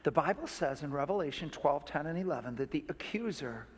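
A pastor delivers an emphatic, earnest sermon, mixing teaching with personal stories. His voice sits fairly high for a man and carries a long reverb from a large hall. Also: lively intonation, brisk, breathy edge. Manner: earnest, emphatic preaching with storytelling.

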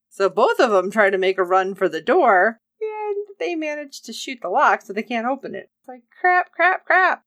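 Lively woman retelling a show. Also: medium pitch, dry recording, studio quality. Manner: animated storytelling, acting out characters' lines with jokey asides. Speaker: podcast co-host recapping a TV episode. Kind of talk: casual chat.

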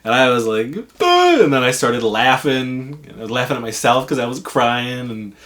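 A man's voice: mid-range voice, steady tone, moderate pace, fairly bright tone. Casual male storyteller, rambling and loose, swears freely. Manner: rambling, swears, lots of fillers.

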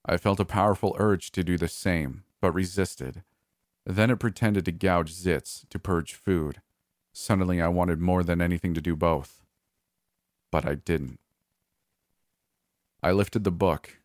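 A man reading a first-person horror story aloud in a measured, calm way. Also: low-pitched, dry recording, studio quality. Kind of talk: scripted horror narration.

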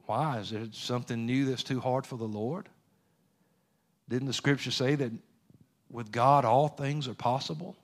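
A man preaching a sermon with a mid-pitched voice. He speaks casually and emphatically, circling back on phrases and pressing the congregation with rhetorical questions. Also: normal speed.

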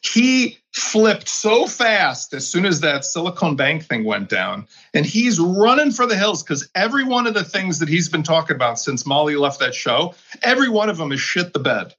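A man on a podcast panel, giving blunt, opinionated takes in a husky voice. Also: on the high side, sing-song, moderate pace, hardly any pauses, bright, forceful tone, dull audio. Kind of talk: roundtable discussion.

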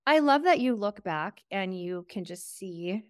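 A woman's voice: medium pitch, animated, a little slow, clean tone, no room sound, studio quality. A woman hosting an interview, affirming and encouraging, with many casual fillers. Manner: warm, affirming, filler-heavy. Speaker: podcast host. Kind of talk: conversational interview.

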